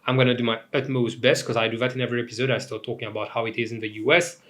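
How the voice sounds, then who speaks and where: A young man from Mauritius hosts his own comedy commentary, mid-pitched and loose. He rambles through asides, swears freely and jumps between mock outrage and quiet muttering. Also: little pitch movement, rapid-fire. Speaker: host.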